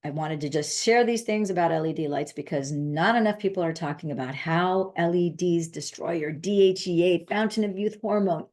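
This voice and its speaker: A woman with a notably low voice hosts a casual wellness video, speaking straight to her viewers. She is earnest and emphatic, and she often repeats her key phrases to drive them home. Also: a little mellow. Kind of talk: casual monologue to camera.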